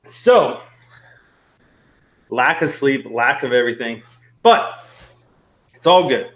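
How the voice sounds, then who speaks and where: A man's voice: medium pitch, expressive, takes it slowly, a bit bright. A young man hosting a casual live-stream chat, rambling and laughing nervously, a little out of breath. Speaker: host.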